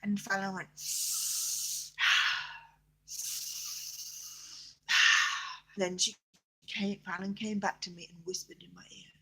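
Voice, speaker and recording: An older woman, a grandmother, telling a bedtime story in a soft, often whispered and hesitant way. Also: medium pitch, fairly even intonation, fairly quick, husky.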